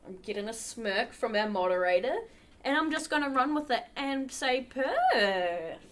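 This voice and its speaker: A woman's voice: a little high, very animated, a little slow, fairly bright tone. A woman hosting a charity livestream, chatting casually with viewers while she plays a game at her computer. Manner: chatty, talks to the chat while playing. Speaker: livestream host. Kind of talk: casual gameplay commentary.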